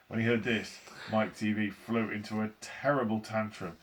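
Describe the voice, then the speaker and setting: A male teacher reading a storybook aloud to a class in an expressive, animated way. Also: lowish voice, moderate pace, slight background noise.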